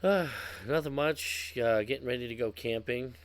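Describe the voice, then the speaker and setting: Swearing, animated male podcast co-host. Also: medium pitch, normal speed. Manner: swears freely, acts out angry outbursts. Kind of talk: casual chat.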